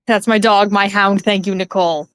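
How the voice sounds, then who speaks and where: A woman's voice: medium pitch, steady tone, normal speed, a bit bright, dry recording. A woman streamer chatting casually about a movie, rambling with lots of fillers, laughs and swearing.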